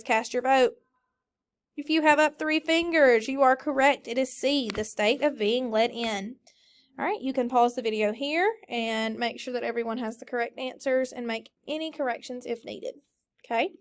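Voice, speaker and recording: A woman teacher leading a recorded phonics lesson, slowly modeling and stretching out each word for students. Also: a little high. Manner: slow, drawn-out modeling of words.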